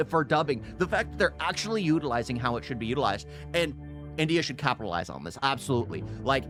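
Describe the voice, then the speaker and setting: A man giving casual, off-the-cuff reaction commentary, rambling and repeating phrases for emphasis. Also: mid-range voice. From United States. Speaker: reaction video host.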